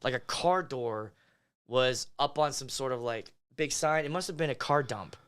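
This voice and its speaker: A man's voice: mid-range voice, normal speed, a bit bright, smooth, dry recording. A man from the Pittsburgh area, co-hosting a casual chat and rambling through memories with many restarts. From Pittsburgh area, USA. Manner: rambling, reminiscing, lots of fillers and restarts. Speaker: co-host.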